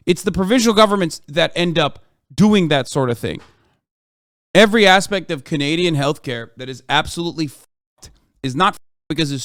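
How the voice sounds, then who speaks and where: A man holds forth in a blunt, argumentative way, swearing as he makes his case. His voice sits a bit high, smooth and resonant, and it is recorded close and dry. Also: no echo. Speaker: live streamer. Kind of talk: heated political commentary.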